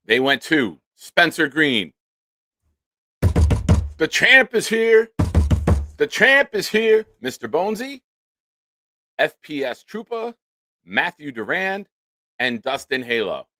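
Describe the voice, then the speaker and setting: Speaking on the low side with no echo, a man hosts a laid-back sports livestream. He's lively and foul-mouthed, naming supporters one by one as he thanks them.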